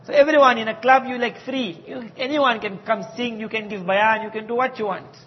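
A man's voice: very high voice, steady tone, fairly quick. A man telling a story in a sermon, animatedly acting out the quoted dialogue of the people in it. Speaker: preacher. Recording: dull audio with long hall reverb.

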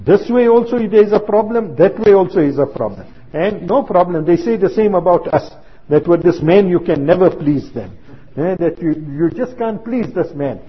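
An Islamic preacher delivers a sermon through anecdotes, acting out the quoted dialogue as he tells them. His voice sits high, animated and breathy, at a moderate pace, and the recording is muffled and lo-fi.

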